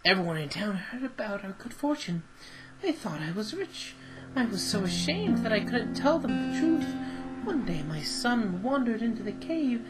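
A gamer voicing a grieving young widow in a soft, quiet, mournful way, over loud game music. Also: medium pitch, very animated, normal speed, voice pushed up, lightly acted, rough recording.

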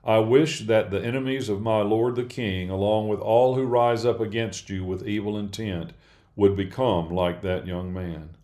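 A man's voice: lowish voice, steady tone, normal speed, mellow, close to an everyday voice. A man reading the lines of a messenger announcing news to a king in a formal way.

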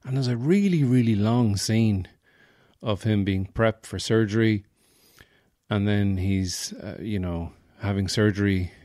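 A man's voice: lowish voice, unhurried, mellow, dry recording, studio quality. A man hosting a podcast in rambling, jokey casual chat. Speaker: podcast host.

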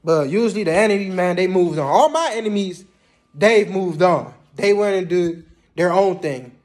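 A young man with a notably high-pitched voice tells a story to the camera in a relaxed, conversational way. His talk is loose and slangy, peppered with casual fillers like "man" and "bruh". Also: moderate pace. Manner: slangy, laid-back, sprinkles "man" and "bruh". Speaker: vlogger recounting Army basic training.

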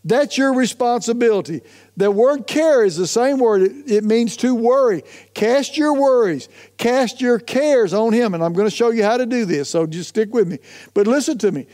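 High-voiced emphatic male pastor preaching. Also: expressive, warm tone. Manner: emphatic, repeats "listen to me", stretches key phrases slowly. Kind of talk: sermon.

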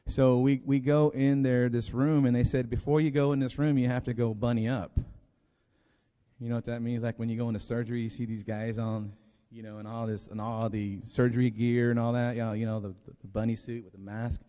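Conversational pastor in an echoing hall. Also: male voice, medium pitch, little pitch movement, brisk, dark tone, smooth. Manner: rambling, conversational, with many restarts. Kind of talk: sermon storytelling. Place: church sanctuary. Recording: long hall reverb.

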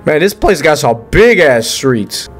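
A young man giving let's-play commentary on a horror game, excitable, joking and swearing as he reacts. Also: fairly high pitch, unhurried, faint music behind. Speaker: gaming YouTuber.

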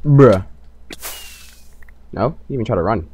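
A young man hosting his own gaming channel, giving playful, trash-talking commentary over his game and bursting into loud shrieks. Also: fairly low pitch, lively intonation, unhurried, breathy edge, lo-fi sound. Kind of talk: let's play commentary.

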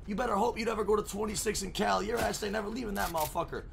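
A young man streaming a game, trash-talking and yelling in casual banter. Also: high-pitched, racing, gravelly. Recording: noisy game voice chat.

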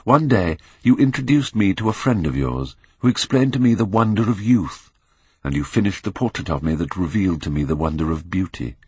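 A man gives voice to a cold, bitter young man who speaks low and subdued. The voice is deep and husky, with a dry, close audiobook sound. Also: lively intonation, a little fast, darkish tone, dry recording. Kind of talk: audiobook character reading.

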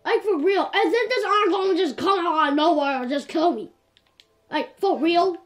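A woman giving casual, animated commentary while playing a game. She sounds exasperated and keeps coming back to the same complaints. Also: very high voice, moderate pace, soft background music. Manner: animated and exasperated, repeats "like, for real". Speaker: gameplay commentator.

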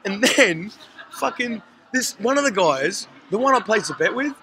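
Indoors in a hostel common area, a podcast host tells friends a long, casual story full of swearing. He's animated and acts out what everyone said. His voice is high-pitched at normal speed, and the rough recording carries a little hiss or hum.

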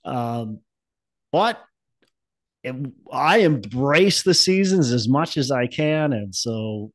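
A man's voice: mid-range voice, slow, no room sound. A man hosting a podcast in casual chat, rambling and upbeat with plenty of fillers and restarts. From Minnesota. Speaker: podcast host.

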